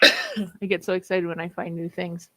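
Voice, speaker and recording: A woman's voice: lowish voice, steady tone, normal speed, pushed and bright, poor audio. A woman in her fifties with a Minnesota accent, chatting casually and laughing often while hosting writing sprints. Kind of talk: casual livestream chat.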